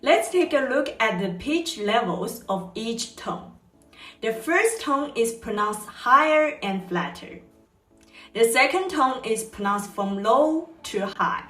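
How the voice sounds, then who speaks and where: Slow-speaking woman teaching tones. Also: a little high, expressive, a bit bright. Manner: slow, carefully modeled tone examples. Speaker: Chinese language teacher. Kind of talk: scripted lesson narration. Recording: echoey room from a distance, light music.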